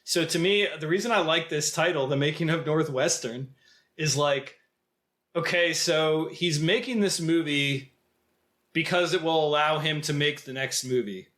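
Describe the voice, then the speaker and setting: A man's voice: a little high, normal speed. A man co-hosting a film podcast, chatting casually and explaining his takes with animation. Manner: animated, storytelling, acts out quotes. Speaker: podcast co-host.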